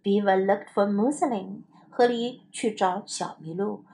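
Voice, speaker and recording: A woman English teacher reading a children's story aloud in two languages, slow and expressive. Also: mid-range voice.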